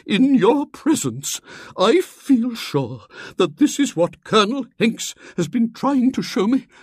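A high, loud, melodramatic lady psychic in a storybook, quavering and declaiming; very dry sound. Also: slightly rough, no room sound, full character voice. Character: pompous middle-aged spinster psychic, melodramatic. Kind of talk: audiobook character voice.

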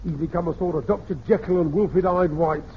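A man's voice: sits high, fairly even intonation, a little fast, slight background noise, lightly acted. An actor playing a blustering, scheming older father in a radio sitcom, pompous and hammy in his delivery. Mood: conspiratorial. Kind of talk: vintage radio sitcom acting. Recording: dull lo-fi vintage radio recording.

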